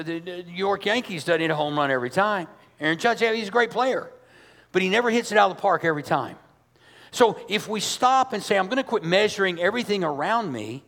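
A pastor preaching to his congregation in a high, bright tenor. He talks emphatic and conversational, full of rhetorical questions, and his voice rings with the long reverb of a big church hall. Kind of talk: sermon.

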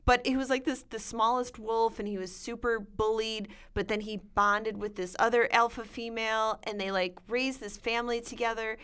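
A woman's voice: a little high, fairly even intonation, moderate pace, few pauses, fairly bright tone, clear, resonant tone. A woman co-hosting a casual chat, enthusiastically recommending books. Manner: enthusiastic, gushing. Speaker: podcast co-host.

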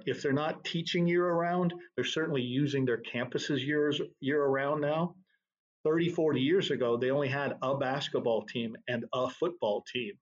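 A middle-aged man, a drum corps tour director, telling anecdotes in a relaxed, storytelling way during an interview. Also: medium pitch, highs cut off. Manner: relaxed anecdotal, laughs at own stories.

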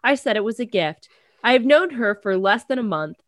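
A woman's voice: on the high side, animated, normal speed, no echo, studio quality, natural voice. A woman reading out a middle-aged man's advice letter in his voice, with a slight rural twang and a plain, earnest manner. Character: modest middle-aged man writing in for advice.

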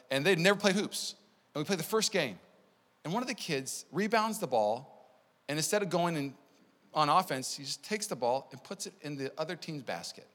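A man preaching a sermon as pastor, conversational and energetic, telling stories to the congregation. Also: on the high side. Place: church sanctuary. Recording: long church hall reverb.

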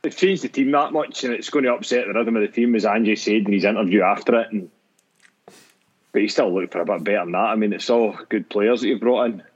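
A man's voice: lowish voice, fast talker, husky, muffled recording. A man with a Scottish accent, co-hosting a casual football chat, hesitant and prone to repeating himself. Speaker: podcast co-host.

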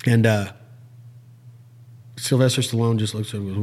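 A man in easy conversation, telling a story with real momentum. His voice sits at an ordinary middle pitch, and he jumps into quick impressions when he quotes someone. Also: little pitch movement, darkish tone. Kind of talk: casual storytelling chat.

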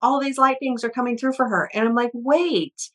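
A woman's voice: a little high, moderate pace, fairly bright tone. A woman energy healer, a guest in a casual interview, telling stories in a rambling way with many restarts and repeated words.

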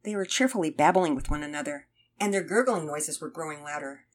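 Low-voiced woman reading a storybook. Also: fairly quick. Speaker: narrator. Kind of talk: storybook read-aloud narration.

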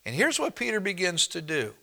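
A man preaching an expository sermon to his congregation, emphatic and direct, reading scripture slowly and deliberately. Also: high voice, wildly swooping pitch, vocal fry, pushed and bright. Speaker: pastor.

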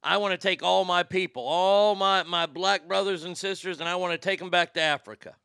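A man voicing an eager male character making a wish in a told joke, in a gravelly, bright voice. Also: sits high, fairly even intonation, brisk, no echo, studio quality, exaggerated voice.

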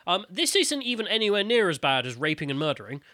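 Man, sardonic podcast co-host, bright tone, dry close sound, fairly high voice. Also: sing-song, fast talker, no echo. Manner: sardonic, mocking, puts on voices for quotes. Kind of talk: casual news commentary chat.

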